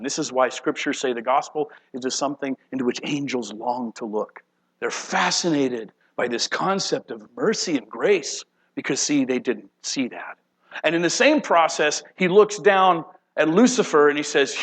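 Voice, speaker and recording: A man's voice: on the high side, moderate pace, low-quality recording. Dramatic preacher man, rising and falling. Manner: dramatic, acts out voices of God and angels, swings from loud to hushed. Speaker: pastor. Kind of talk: sermon.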